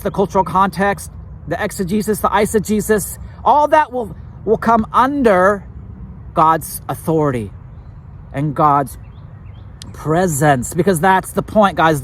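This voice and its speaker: A man's voice: sits high, slight background noise. A man hosting a church talk show, preaching casually to his viewers and repeating his slogans with emphasis. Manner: emphatic, repeats slogans, laughs at own lines.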